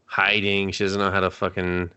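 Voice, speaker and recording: A man from Canada co-hosting a casual movie review chat, sarcastic and profane, slipping into quick mock voices for the characters. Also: deep voice, completely flat delivery, pushed and bright, clear, resonant tone. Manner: sarcastic, swearing, acts out characters in quick asides. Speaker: podcast co-host.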